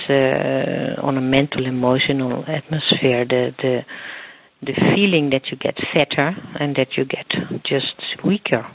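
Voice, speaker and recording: Guest expert, male, gravelly voice, halting speech full of restarts, heard over a tinny phone line. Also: mid-range voice. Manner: halting, searching for words, many restarts. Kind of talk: phone interview explanation.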